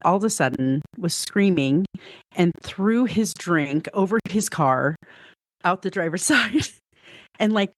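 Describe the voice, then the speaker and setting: A woman's voice: lowish voice, expressive, measured pace, no echo. Reflective middle-aged woman, dry sound. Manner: reflective, storytelling, frequent hedging. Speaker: podcast guest. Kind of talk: casual conversation.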